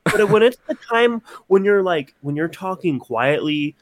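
A man's voice: sits high, animated, measured pace. A young man, co-hosting a podcast, ranting expressively about annoyances and swearing casually. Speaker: podcast co-host. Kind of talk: casual chat. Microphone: studio microphone.

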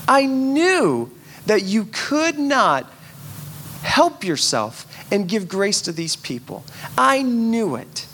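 Guy putting on a bitter accusing prophet, slow and higher-pitched, sermon retelling. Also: sing-song, fairly bright tone, slight background noise, heavily acted. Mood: resentful. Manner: resentful, accusing. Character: angry bitter male prophet.

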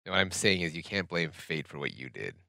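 A man's voice: sits low, big pitch swings, brisk, creaky, sharp tone, dry recording, clean studio sound. A man speaking earnestly in a tabletop role-play.

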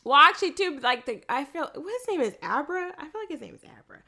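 A woman co-hosting a podcast, retelling a film in a casual, animated and profane way with frequent laughter. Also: high-pitched, quick pace, crowd noise. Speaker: podcast co-host. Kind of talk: casual film recap chat.

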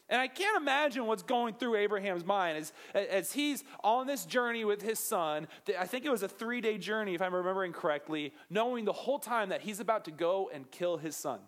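A young man preaching a sermon in a casual, animated way, joking with the crowd and acting out little quotes. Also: high-pitched, moderate pace.

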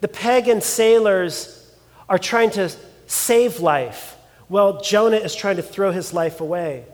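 A man preaching a sermon, telling a scripture story with expressive emphasis. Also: high-pitched, unhurried, big-room sound. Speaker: pastor.

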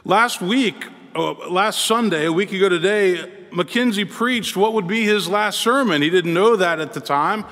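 High-voiced male pastor preaching in a hall. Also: a bit bright. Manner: earnest, measured preaching with pauses. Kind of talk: sermon. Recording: long reverb in a large hall.

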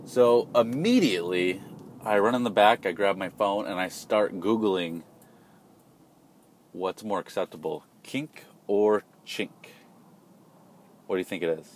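A man's voice: fairly low pitch, a little slow, pauses often, slight background noise. A man telling a casual personal anecdote in a rambling, self-deprecating way, often restarting his sentences. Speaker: storyteller.

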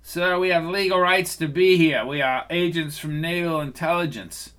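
A man's voice: high voice, normal speed, pushed and bright, voice pushed up. A man doing a cocky young government agent. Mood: threatening. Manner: cocky and self-assured.

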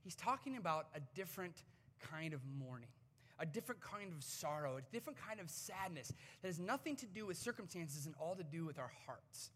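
Bright-voiced pastor in a reverberant hall. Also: male voice, high voice, a little fast. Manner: conversational, animated storytelling with humor. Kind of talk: sermon. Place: church sanctuary before a congregation.

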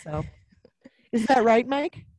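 A woman co-hosting a podcast in casual chat, playful and quick to laugh. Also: a little high, sing-song, a little mellow, no room sound, clean studio sound. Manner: playful, laughs often, does goofy voices. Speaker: podcast co-host.

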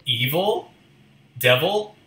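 A man's voice: fairly high pitch, expressive, very slow, pushed and bright, reverberant. A man co-hosting a live stream, chatting casually and playfully guessing. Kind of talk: casual chat.

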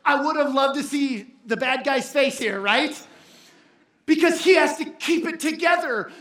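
Lively, dramatic storytelling preacher. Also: high voice. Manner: lively, dramatic, jokey asides, bursts of shouting. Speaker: pastor. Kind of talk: sermon storytelling.

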